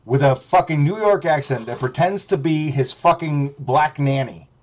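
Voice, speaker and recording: A man's voice: a little high, normal speed. A man streaming a profane, mocking rant, heated and sarcastic. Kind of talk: ranting commentary.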